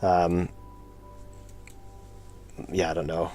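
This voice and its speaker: A man's voice: low voice, unhurried, pauses often, a little mellow, soft background music. A young man streaming his indie game development, talking casually and muttering to himself with self-deprecating asides as he draws. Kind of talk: casual livestream commentary while drawing.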